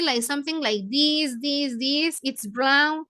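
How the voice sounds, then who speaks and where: Woman, book club leader, bright, high voice. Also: a little slow, few pauses. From Mexico. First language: Spanish. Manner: paraphrases lines, glosses words in Spanish. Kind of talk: explaining a novel to English learners.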